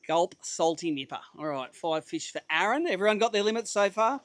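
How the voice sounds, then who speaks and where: High-voiced, matey Australian emcee. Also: male voice, animated, a little fast, fairly bright tone, no room sound. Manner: chatty, matey, upbeat. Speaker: weigh-in MC. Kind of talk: live tournament emcee banter. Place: outdoor waterside stage.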